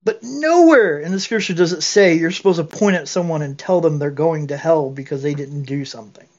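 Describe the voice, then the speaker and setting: A man's voice: a little high, fairly quick, darkish tone, highs cut off. A man from Georgia, US, sharing earnestly in an online bible study, preachy and repetitive, with restarts.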